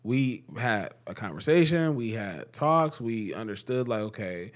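A man's voice: fairly low pitch, expressive, a little slow. A young man co-hosting a casual podcast, a father speaking earnestly and emphatically about parenting, often saying "like" and "man". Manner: earnest, emphatic, repeats points, fills with "like" and "man". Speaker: podcast co-host; father of two.

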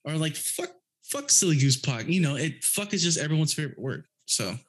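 A man's voice: on the high side, lively intonation, fairly quick, breathy edge. Laid-back, profane young man. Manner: profane, laid-back, rambling with frequent fillers. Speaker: podcast guest. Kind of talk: casual chat.

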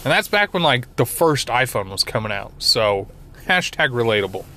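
A man's voice: mid-range voice, sing-song, moderate pace, bright, forceful tone, slight background noise. A man in his twenties telling a comic story with playful, self-mocking bravado, acting out the voices of the people in it. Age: 20s. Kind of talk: comedic storytelling to camera.

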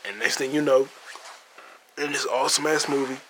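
Male podcast host, bright-toned, loose profane movie recap, faint noise behind. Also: mid-range voice, normal speed. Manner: profane, animated storytelling with acted-out quotes. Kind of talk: casual movie recap monologue.

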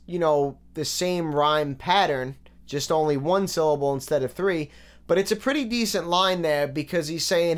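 A man giving a casual, analytical breakdown of rap lyrics, relaxed and full of fillers. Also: fairly high pitch.

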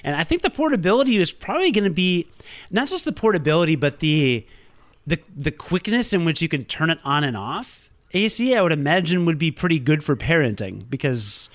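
A man's voice: on the high side, big pitch swings, a little fast. A man hosting a podcast in casual chat, teasing his guest and steering the talk. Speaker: podcast host.

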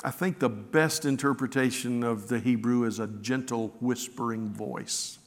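This man preaches with a medium-pitched voice, keeping a measured pace and fairly even intonation, and the recording carries a long hall reverb. Earnest in tone, he reads scripture and shares stories, frequently starting over with repeated words.

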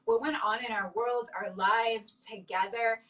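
Woman host in her thirties, fairly high voice, effusive and emotional, a little distant from the mic. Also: steady tone, a little slow, a bit bright. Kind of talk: casual chat.

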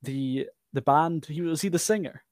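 A man's voice: fairly high pitch, darkish tone, no room sound, clean studio sound. A man co-hosting a podcast, chatting casually about a film with many restarts and fillers. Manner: halting, many restarts and fillers, laughs often. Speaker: podcast co-host.

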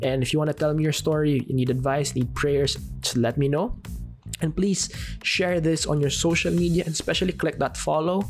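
A man hosting a podcast, giving an earnest, encouraging faith talk with dramatic pauses. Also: on the high side, steady tone, soft background music. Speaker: podcast host.

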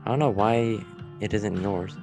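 A man casually chatting about the album's songs, hesitant and relaxed, with many fillers. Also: lowish voice, a little slow, music in the background. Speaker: musician co-host discussing the album. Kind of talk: casual chat.

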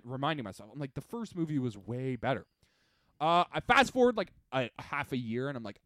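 A man's voice: mid-range voice, dry recording, clean studio sound. A young man co-hosting a podcast, telling stories in a casual chat and acting out his friends' lines. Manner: animated storytelling, acts out friends' lines. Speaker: podcast co-host.

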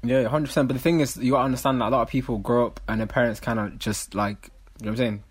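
A man's voice: mid-range voice, steady tone, rapid-fire, husky, dry recording. A young man, co-hosting a casual podcast chat, rambling and repeating himself with lots of fillers. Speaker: podcast co-host.

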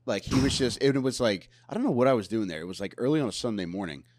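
A man's voice: mid-range voice, expressive, quick pace, darkish tone, dry recording, studio quality. A man, a guest on a comedy podcast, rambling and crude with lots of fillers. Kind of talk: casual comedic chat.

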